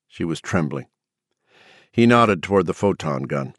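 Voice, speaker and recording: A man narrates an audiobook in a measured storytelling way. His voice sits low but moves expressively. The recording is dry and close. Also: expressive, fairly bright tone, no room sound. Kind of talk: scripted narration.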